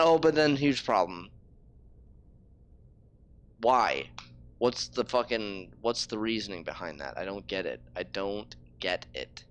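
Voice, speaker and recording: A man's voice: lowish voice, a bit bright. A man streaming a game live, ranting in frustration and swearing freely. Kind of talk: casual live-stream talk.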